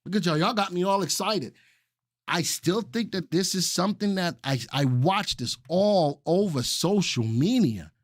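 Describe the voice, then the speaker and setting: A high, lively male voice with a big swinging pitch, recorded dry and close. He hosts a live stock analysis webinar, keeps repeating key phrases for emphasis and talks straight to his chat viewers. He sounds keyed up, as if he is sweating. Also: unhurried, no room sound. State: excited and sweating. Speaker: stock market webinar host.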